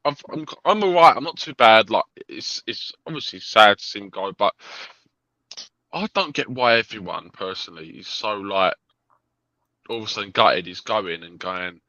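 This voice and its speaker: A man's voice: lowish voice, expressive, moderate pace, bright, forceful tone, no echo, muffled recording. A man on a chat panel, talking frankly and heatedly and swearing freely. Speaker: panel guest. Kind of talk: casual chat.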